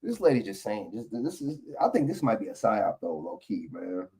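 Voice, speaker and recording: A man's voice: on the low side, very animated, moderate pace, a little mellow, breathy edge. A man giving heated, profane reaction commentary on a political video clip.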